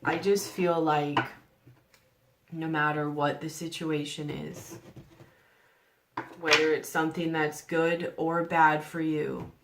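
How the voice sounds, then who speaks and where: A woman's voice: sits low, little pitch movement, slow, long pauses, noisy background. A woman giving a general tarot reading to camera, earnest and coaxing, asking the listener one rhetorical question after another. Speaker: tarot reader.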